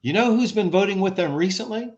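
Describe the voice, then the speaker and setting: American man, podcast guest, animated explainer, restarts often, video-call sound. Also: high voice, fairly quick, dull audio. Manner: animated, rhetorical questions, frequent restarts. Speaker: guest, former ambassador. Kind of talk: conversational expert commentary.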